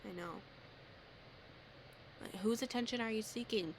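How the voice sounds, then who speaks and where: A woman's voice: medium pitch, normal speed, pauses often, pushed and bright. A teenage girl ranting casually to camera, rambling and self-deprecating, with lots of filler words. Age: teens. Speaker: vlogger.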